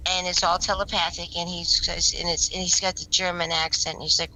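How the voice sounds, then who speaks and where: A woman with a bright, forceful voice speaks as a guest on an interview show. She tells her experiences in an earnest, rambling way. She often restarts her sentences and repeats words as she goes. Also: on the low side, level tone, fairly quick, rough recording. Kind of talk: casual spoken storytelling.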